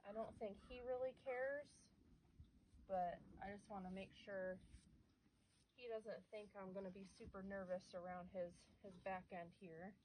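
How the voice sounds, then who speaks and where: A woman training a young horse, talking casually to the camera and softly praising the animal as she works. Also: medium pitch, steady tone, unhurried, a little hiss or hum, poor audio. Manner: soft, coaxing praise to the horse. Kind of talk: casual vlog narration while working a horse. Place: outdoors with a horse.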